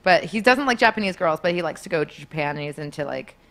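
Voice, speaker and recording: Speaking fast, a young woman recounts a story during relaxed conversation, frequently breaking into laughter and pitching her voice up when she acts out quotes. She's animated throughout.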